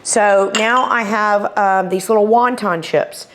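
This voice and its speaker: A woman's voice: mid-range voice, steady tone, takes it slowly, fairly bright tone, slight background noise. A middle-aged woman with a Texas accent hosts a cooking demonstration. She talks in a chatty, enthusiastic, homey way, explaining each step as she prepares food. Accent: Texan. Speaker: cooking show host.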